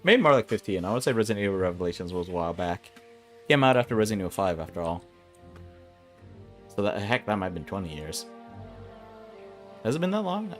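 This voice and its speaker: A young man streaming an online game, rambling through casual commentary with self-mocking asides. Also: low-pitched. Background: game music.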